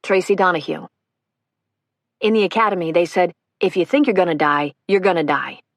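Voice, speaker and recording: A woman giving a steady first-person reading of a witness account for an audiobook. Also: on the low side, normal speed, dry recording. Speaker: audiobook reader.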